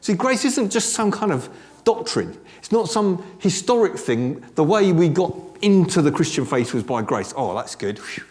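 A man preaching a sermon in a conversational, animated way, dropping joking asides to a congregation that answers back. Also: fairly high pitch, moderate pace. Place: church service with congregation responding.

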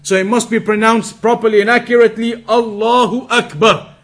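A man teaching a religious lesson, reading Arabic text quickly and then explaining it slowly, drawing out words to demonstrate pronunciation. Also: very high-pitched, fairly even intonation, fairly bright tone. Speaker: Islamic teacher.

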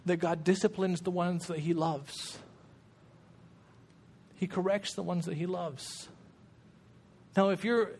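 A man's voice: sits high, husky. A middle-aged man giving a casual, jokey sermon as guest preacher, often acting out quoted voices.

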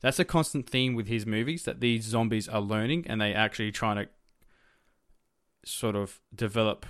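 A man's voice: on the low side, fairly even intonation, normal speed, a bit bright, no echo, clean studio sound. A man co-hosting a casual chat, rambling and searching for words with lots of fillers. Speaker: podcast co-host.

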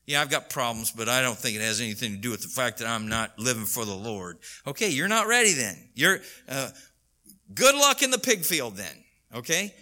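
A man's voice: mid-range voice, sing-song, fairly quick, pushed and bright. A man preaching a sermon in an earnest, rising and falling delivery, now and then acting out the voices of people he quotes. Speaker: pastor.

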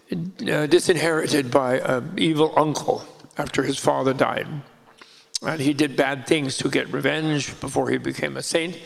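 Gravelly guy telling an old story, fairly high voice, laughing along, big hall echo. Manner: lively, amused, laughing between lines. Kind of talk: casual spoken storytelling. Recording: long hall reverb.

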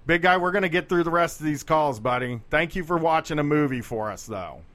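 A man's voice: on the high side, animated, a little fast, fairly bright tone. A man hosting a call-in talk show, joking and laid-back. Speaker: show host. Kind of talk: casual radio talk.

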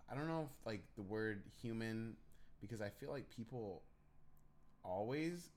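A man's voice: lowish voice, animated, a little slow, darkish tone. A young man co-hosting a casual chat, hesitant and searching for his words. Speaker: podcast co-host.

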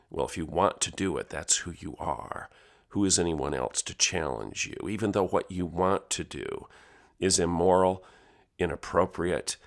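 A very deep-voiced man hosts his opinion podcast, hoarse and gravelly from a chest cold. His pitch swings widely as he presses his points with indignant emphasis. He sounds rough and crackly throughout. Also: fairly bright tone. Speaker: podcast host.

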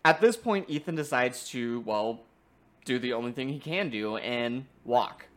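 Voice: mid-range voice, expressive, unhurried, a bit bright. A podcast co-host recapping a video game story in a casual, enthusiastic review chat, with many fillers.

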